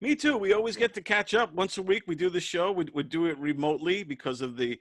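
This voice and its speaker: An excitable man hosts a comedy chat show remotely from home. His voice sits a bit high and he talks at a rapid clip. The sound is dry and close. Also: no echo. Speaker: host.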